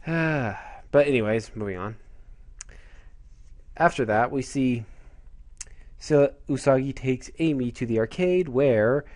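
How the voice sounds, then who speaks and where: A man's voice: medium pitch, darkish tone. Brief: male comic reviewer, casual and rambling, keeps correcting himself. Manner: rambling, self-correcting, offhand asides. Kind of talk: casual chat.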